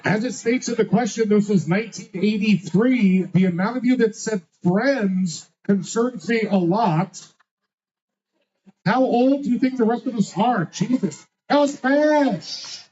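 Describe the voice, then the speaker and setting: A man's voice: sits high, a little slow, darkish tone. A man hosting a live trivia night, reading out answers with a teasing, sarcastic manner. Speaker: trivia host. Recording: dull lo-fi sound.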